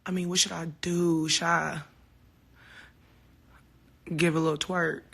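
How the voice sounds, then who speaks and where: Woman on a phone livestream, casual fan chat, bright forceful voice, candid and unfiltered. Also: on the low side, slow, vocal fry, slightly rough. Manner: heartfelt and candid, swearing freely; animated storytelling with quoted exchanges. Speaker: singer talking to fans on a livestream. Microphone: phone camera.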